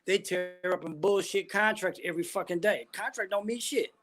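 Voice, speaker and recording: A man's voice: sits high, normal speed, a bit bright, faint music behind. A man ranting bluntly and profanely about politics, full of heavy slang. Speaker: vlogger giving opinions.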